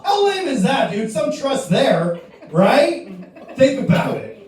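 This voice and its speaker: A man, a comic, ranting crude and profane in a stand-up debate, often shouting. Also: very high voice, big pitch swings, slow pace. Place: comedy club stage. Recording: very echoey room from far off.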